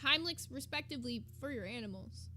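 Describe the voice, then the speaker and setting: A woman's voice: sits high, animated, a little fast, pushed and bright. A woman streamer giving gossipy, sarcastic commentary while reacting to another stream. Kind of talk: casual commentary.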